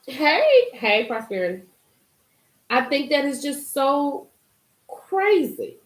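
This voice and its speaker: A woman hosting a casual live-stream commentary, emphatic and animated, reading and reacting to viewer comments. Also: high-pitched, takes it slowly. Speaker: YouTube commentary host. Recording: roomy echo.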